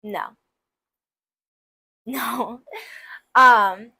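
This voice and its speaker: A woman's voice: a little high, very slow, creaky, bright, forceful tone, slightly rough, dry recording. A young woman hosting a casual advice podcast, candid and emphatic, full of "like" and playful asides. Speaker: podcast host.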